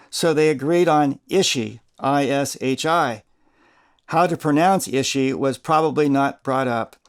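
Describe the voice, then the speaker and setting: A man narrates a nonfiction audiobook at a mid-range pitch. His reading is measured and deliberate. He stops to spell out names letter by letter.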